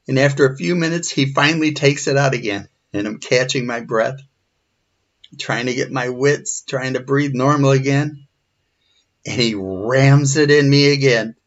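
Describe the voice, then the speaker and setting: A man's voice: medium pitch, a bit bright. Shaken man in his forties, lo-fi. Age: 40s. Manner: shaken, earnest retelling. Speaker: storyteller. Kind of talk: personal story narration. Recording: dull lo-fi recording.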